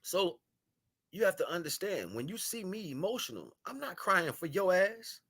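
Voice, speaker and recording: A man on a livestream giving a spiritual monologue, shifting between solemn murmurs, loud scolding and slangy, laughing chat with viewers. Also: high voice, sing-song, normal speed, breathy edge. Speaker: live stream host. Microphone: live stream microphone.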